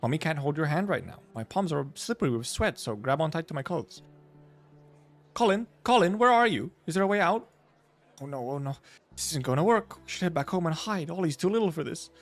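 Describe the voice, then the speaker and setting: A man's voice: fairly high pitch, lively intonation, a little fast, soft background music. A man voicing a frightened mother who is fleeing a burning city with her small child, talking in a pleading, panicky rush. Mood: frantic.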